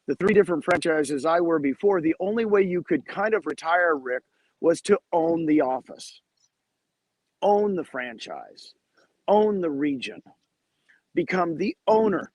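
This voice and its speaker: A man's voice: on the high side, lively intonation, measured pace, poor audio. A man who is a guest on an interview show, telling stories with enthusiasm and acting out the dialogue he quotes, heard over a video call. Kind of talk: animated storytelling in a podcast interview.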